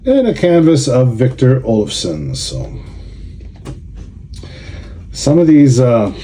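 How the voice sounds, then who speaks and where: A man's voice: mid-range voice, sing-song, takes it slowly, warm tone. A middle-aged man, casually grumbling and sarcastic while opening trading cards for a vlog. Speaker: card collector and show organizer.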